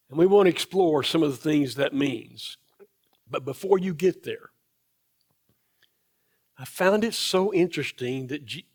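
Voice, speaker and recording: A man preaching from the pulpit in a church sanctuary. His voice sits fairly high for a man, and he takes his time, leaning on each phrase and repeating the important ones. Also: a little mellow. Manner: slow, emphatic, repeats key phrases. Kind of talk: sermon.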